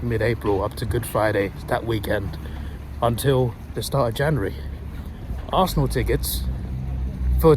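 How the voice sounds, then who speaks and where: A young man vlogs into his phone while out on a city street. He tells a story at a steady pitch, rambling, doubling back and correcting himself as he goes. Clear traffic and street noise carry on behind him. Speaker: vlogger. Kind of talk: casual chat. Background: passing cars and urban street noise.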